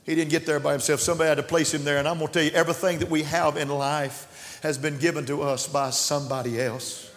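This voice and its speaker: A man preaching a sermon in a church, impassioned, swinging between shouts and hushed asides. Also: a little high, little pitch movement, quick pace. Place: church sanctuary. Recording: long church reverb.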